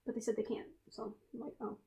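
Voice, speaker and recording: An American woman streaming, chatting casually in an animated, incredulous way. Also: a little high, fast, vocal fry. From United States. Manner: animated, incredulous, laughs a lot. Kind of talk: casual livestream chat.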